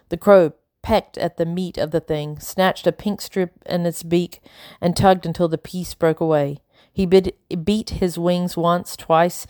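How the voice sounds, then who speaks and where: A woman narrating a novel in the first person, measured and unhurried. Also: lowish voice, a little mellow, no echo, clean studio sound. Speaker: audiobook narrator.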